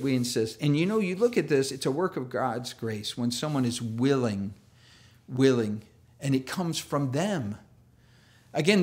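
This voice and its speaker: A male pastor gives a sermon in an animated, chatty storytelling way and acts out quoted voices. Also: a little high. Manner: chatty, full of fillers and restarts.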